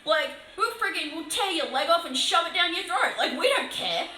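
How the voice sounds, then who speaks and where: A woman's voice: extremely high pitch, lively intonation, normal speed, pushed and bright, reverberant, faint music behind, poor audio. An Australian woman chatting casually on a live stream while painting, laughing often and swearing playfully. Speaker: livestreaming miniature painter. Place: room alone.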